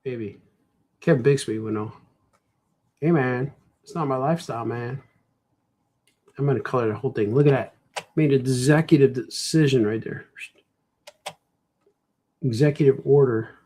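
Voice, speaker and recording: A man's voice: mid-range voice, normal speed, pauses often, dark tone. A man cartoonist thinking aloud in a casual drawing vlog, rambling and muttering to himself as he works. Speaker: cartoonist and comic shop host.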